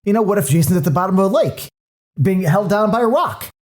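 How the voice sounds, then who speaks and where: A man's voice: high voice, fast. Ranting male podcast co-host. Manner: animated, ranting, many restarts. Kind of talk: casual chat.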